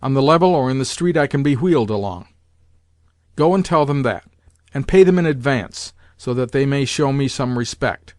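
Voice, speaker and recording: A man voicing an imperious rich old grandmother who gives blunt orders and sharp rebukes, in an audiobook reading. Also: medium pitch, lively intonation, normal speed, dry recording, clean studio sound, lightly acted. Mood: scolding. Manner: commanding, sharp rebukes and demands. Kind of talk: audiobook character voice.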